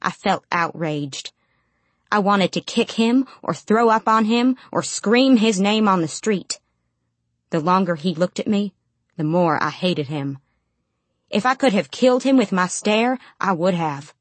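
A woman narrating first-person fiction in a measured, steady storytelling manner. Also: medium pitch, no echo. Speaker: audiobook narrator.

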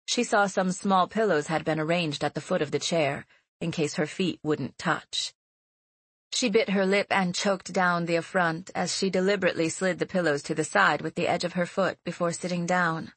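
A woman reading an audiobook novel in steady scripted narration. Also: on the low side, normal speed, slightly rough, no echo.

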